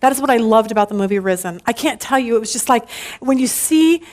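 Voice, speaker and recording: High-voiced woman teaching Bible study. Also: animated, fast talker. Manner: earnest, emphatic exhorting with frequent restarts.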